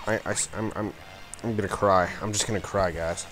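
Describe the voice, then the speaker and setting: A man commenting on his video game as he plays, excitable, yelling and complaining at the game. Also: lowish voice, a little fast, poor audio. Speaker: let's play gamer. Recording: game music loud behind voice. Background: game music.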